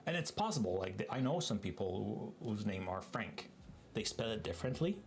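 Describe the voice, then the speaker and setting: A man's voice: fairly low pitch, animated, fairly quick, a little hiss or hum. A man with a French Canadian accent, a native French speaker, chatting casually and rambling through asides while hosting a live coding stream.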